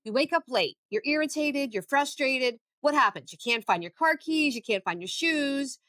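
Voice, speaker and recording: A woman guest on a podcast, an addiction recovery expert, telling stories in a casual, animated way, acting out her own thoughts and swearing freely. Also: sits high, normal speed, dry recording.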